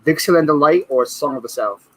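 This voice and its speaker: A man hosting a casual livestream, with a husky, somewhat breathy voice. He reads viewer comments aloud and laughs easily between questions. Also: on the high side, a little fast, a bit bright, low-quality recording. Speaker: livestream host.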